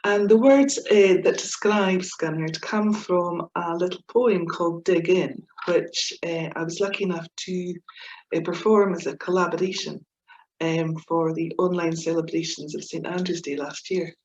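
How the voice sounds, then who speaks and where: A Scottish-accented woman gives a playful, chatty webinar talk on Scots humour over a video call, peppering it with asides and giggles. Her voice is lowish and darkish, fairly even in intonation and moderate in pace, recorded lo-fi in an echoey room.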